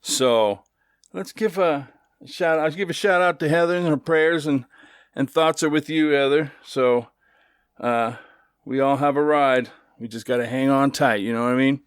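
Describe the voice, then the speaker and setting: A middle-aged man rambles through a story on his own podcast, easygoing and a little profane, with plenty of asides. His voice sits at an ordinary pitch and is recorded dry and close, with almost no room sound. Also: normal speed, clear, resonant tone, no echo. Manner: loose and chatty, with swearing and asides. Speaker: podcast host. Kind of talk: casual storytelling monologue.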